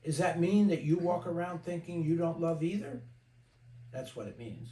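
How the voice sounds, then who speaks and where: A man's voice: fairly high pitch, animated, normal speed, dark tone, recorded from a distance. Older man talking frankly, from off-mic. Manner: frank, storytelling, mimics voices when quoting people. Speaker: therapist leading a group. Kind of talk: group discussion. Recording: echoey room, voice from off-mic.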